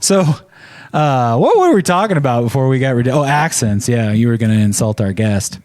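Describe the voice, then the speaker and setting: Man, show host, joking banter, lively intonation, dry close sound. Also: mid-range voice, normal speed, no room sound. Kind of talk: casual podcast chat.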